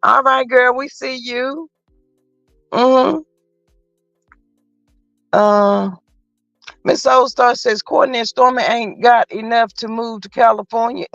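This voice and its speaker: A woman's voice: on the high side, fairly even intonation, slow, pauses often, no room sound. A woman hosts a casual live chat, gossiping and reading viewer comments aloud. She fills the gaps with frequent mm-hmm's. The audio is dull and lo-fi, quite dry, with faint music underneath. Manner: chatty and gossipy, frequent mm-hmm interjections. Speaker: livestream host.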